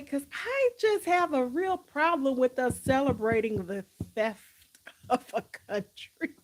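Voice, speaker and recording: A woman's voice: sits high, sing-song, normal speed, poor audio. A woman hosting a live stream, chatting casually and animatedly, often breaking into laughter.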